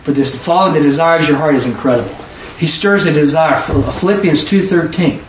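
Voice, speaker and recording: A man delivers a sermon in a slightly high voice, animated and acting out back-and-forth conversations, now and then rising to a shout. He sounds some distance from the mic in an echoey church hall, with faint noise behind him. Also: brisk. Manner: animated, rising to shouts, quoting people in dialogue. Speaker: preacher.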